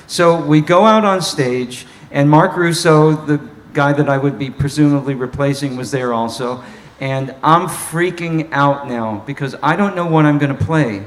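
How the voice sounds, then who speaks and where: A man, a saxophone player, telling an animated story at a live Q&A and laughing as he goes. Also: on the high side, measured pace, a little hiss or hum. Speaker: saxophonist guest.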